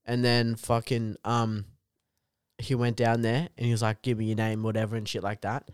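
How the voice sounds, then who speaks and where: A man's voice: mid-range voice, moderate pace, clear, resonant tone, no echo, clean studio sound. A young Australian man telling a rambling, sweary story on a podcast, saying dude constantly and laughing as he goes. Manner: animated, laughs through own story. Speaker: comedian guest.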